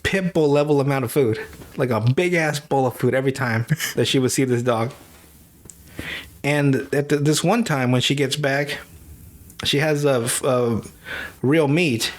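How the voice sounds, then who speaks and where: A man hosting a podcast, telling a movie's plot in a loose, swearing, laughing way. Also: mid-range voice. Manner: profane, animated storytelling with laughs. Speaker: podcast host. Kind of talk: casual movie recap.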